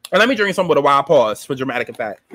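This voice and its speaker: A man giving a casual, profane recap and review of a TV episode, animated and sassy, acting out his own reactions. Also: medium pitch, slight background noise.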